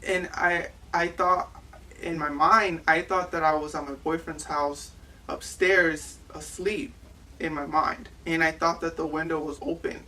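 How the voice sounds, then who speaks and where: A young adult woman giving personal testimony as an interviewee, halting and full of "like" fillers. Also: low-pitched, steady tone, pushed and bright. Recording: distant mic with faint ambience.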